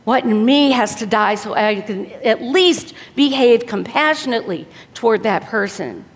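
An earnest woman preacher exhorts her listeners, with her voice pitched a little high. She often drops to a soft tone to land a point. Her words ring out under a long hall reverb. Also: animated, moderate pace. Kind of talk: sermon.

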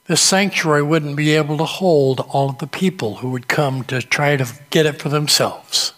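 A man preaching a sermon, telling a story slowly with dramatic pauses. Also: fairly high pitch, fairly bright tone. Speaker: pastor. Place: church sanctuary. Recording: long reverb of a large sanctuary.

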